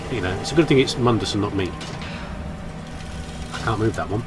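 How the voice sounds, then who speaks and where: In a brisk, somewhat low voice, a gaming commentator gives let's play commentary on a horror game over background noise. He keeps things playful and musing, often mocking himself.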